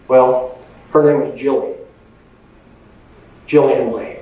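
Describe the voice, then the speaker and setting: A man's voice: mid-range voice, fairly quick, a little mellow, very echoey, recorded from a distance, poor audio. A man giving a motivational leadership presentation, with an emphatic, conversational delivery that often checks in with "right?". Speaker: leadership speaker.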